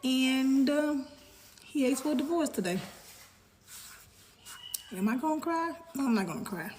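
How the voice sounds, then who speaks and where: A woman's voice: high voice, measured pace, darkish tone, a little hiss or hum. Resolute woman. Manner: steadying herself, resolute. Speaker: vlogger. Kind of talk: casual video update.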